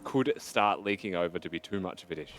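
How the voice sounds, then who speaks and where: A man's voice: low-pitched, expressive, fast talker, fairly bright tone, a little hiss or hum. Man analyzing esports plays. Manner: analytical, conversational breakdown of plays. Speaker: esports caster. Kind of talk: esports commentary.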